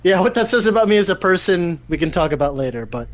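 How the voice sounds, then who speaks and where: A man's voice: high-pitched, sing-song, fast. A man co-hosting a casual podcast, animatedly retelling a story with frequent swearing. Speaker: podcast co-host. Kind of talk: casual chat, retelling an anime plot.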